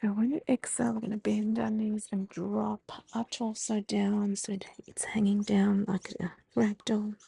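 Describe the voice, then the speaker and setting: An Australian woman teaching mindfulness, calmly guiding slow breathing and gentle movement. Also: medium pitch, vocal fry, slightly rough, no room sound. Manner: calm, slow, gently instructive. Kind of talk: guided movement and breathing instruction.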